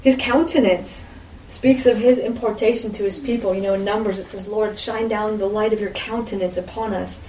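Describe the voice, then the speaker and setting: A woman's voice: medium pitch, fairly even intonation, moderate pace, a little mellow. A woman giving an informal sermon as a Bible teacher, with a conversational manner and frequent asides to her listeners. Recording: roomy echo, distant mic, faint background noise.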